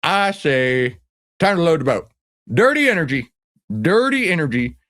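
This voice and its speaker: A man's voice: fairly high pitch, very animated, moderate pace, a bit bright, no room sound, studio quality. A man playing a brash, boastful stock-hype guru who talks in swaggering slang and rambles. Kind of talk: comedic character skit.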